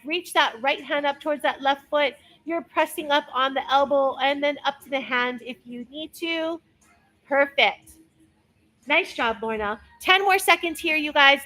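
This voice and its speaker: Bright-voiced upbeat woman fitness coach. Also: sits high, rough recording. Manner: upbeat, encouraging, counts down reps. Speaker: fitness instructor. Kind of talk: workout class coaching.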